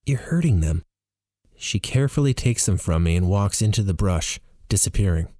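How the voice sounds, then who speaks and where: Man narrating a book, low voice, lively, expressive, dry close sound. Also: a little fast, dry recording. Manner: animated, expressive reading. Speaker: audiobook reader. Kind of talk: first-person audiobook narration.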